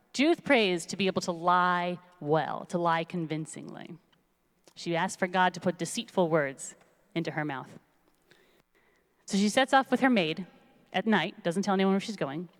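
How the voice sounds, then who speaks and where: A woman rabbi retelling a story in a casual, lively sermon in a synagogue sanctuary. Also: lowish voice. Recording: long reverb of a large hall.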